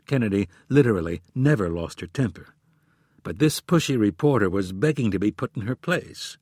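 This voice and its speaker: A man narrating a thriller audiobook in an even, measured way. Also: on the low side, husky, no room sound, clean studio sound. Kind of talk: scripted narration.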